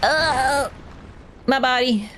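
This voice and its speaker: A young woman streaming a game live, excitable, shouting at the game and laughing often. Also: sits high, extremely slow, slight background noise.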